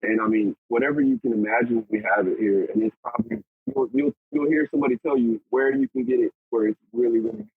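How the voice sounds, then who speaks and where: A man's voice: medium pitch, animated, fast, vocal fry, few pauses, breathy edge, no room sound. A man from Texas, a podcast guest, chatting casually in a rambling, easygoing way over a remote call. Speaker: podcast guest, apparel brand owner. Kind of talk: casual chat. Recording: tinny phone-like remote line.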